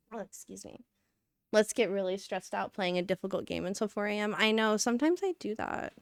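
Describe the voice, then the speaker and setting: A woman's voice: medium pitch, lively intonation, normal speed, vocal fry, pauses often, no room sound, clean studio sound. A woman streaming while she works, chatting and rambling casually and sounding a little out of breath. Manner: chatty, rambling, self-narrating. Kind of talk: casual live-stream chat while working.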